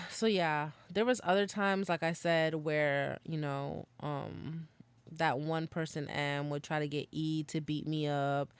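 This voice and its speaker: Young woman, podcast host, smooth clear voice, dry close sound, slangy candid storytelling. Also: deep voice, little pitch movement, takes it slowly, dry recording. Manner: casual slangy, swears, laughs while recounting.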